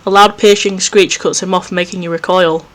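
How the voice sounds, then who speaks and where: A man's voice: high voice, steady tone, normal speed, fairly bright tone. A man hosting a let's play from home, reading a visual novel aloud and cutting in with jumpy, self-mocking asides. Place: home recording setup.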